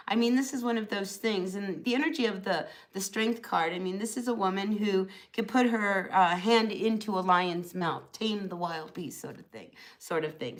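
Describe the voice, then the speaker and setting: A woman's voice: medium pitch, noisy background. A middle-aged woman hosting a live tarot stream, chatting casually and reassuringly with plenty of fillers.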